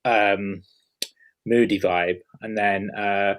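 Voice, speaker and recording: Low-voiced man, hesitant chat. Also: fairly even intonation, slow pace. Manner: hesitant, many fillers and restarts. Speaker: producer hosting an interview. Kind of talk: casual interview chat.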